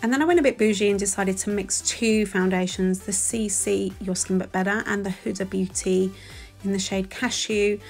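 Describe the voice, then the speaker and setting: This beauty vlogger's voice-over walks through a makeup tutorial at a normal speed, her medium-pitched voice holding a steady tone. She's an Englishwoman in her forties with a London accent, and she gushes, chats and pokes fun at herself. Faint music sits beneath her.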